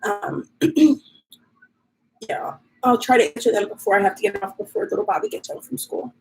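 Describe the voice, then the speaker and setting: A woman's voice: sits high, very animated, moderate pace, gravelly, darkish tone, soft background music, low-quality recording. A woman hosting a casual live stream from her home, chatting and reading viewer comments aloud while dealing with allergies and a runny nose. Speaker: livestream host.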